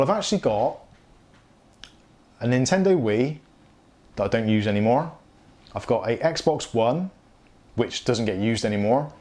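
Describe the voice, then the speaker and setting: A man in middle age hosts a relaxed evening live stream about tech. He chats loosely, reads viewer comments aloud and laughs easily, at an ordinary middle pitch. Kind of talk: casual live stream chat.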